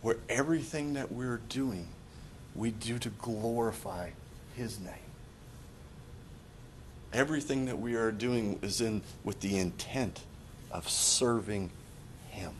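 A man with a lowish voice preaches in an earnest, confessional way, stumbling and restarting as he works through his thoughts. A faint low rumble runs under the recording. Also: takes it slowly, long pauses. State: choked up. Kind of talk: sermon.

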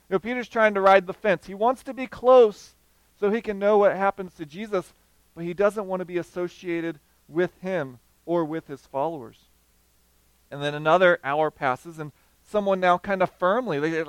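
A man's voice: high-pitched, a little fast, clear, resonant tone, no room sound, rough recording. A man preaching a sermon, telling the story with feeling and acting out the voices of the people in it.

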